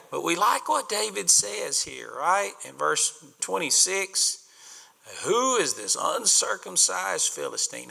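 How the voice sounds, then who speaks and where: A man preaching a sermon, retelling a story in a folksy, animated way with paraphrased voices. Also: on the high side, creaky. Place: church sanctuary. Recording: church hall reverb.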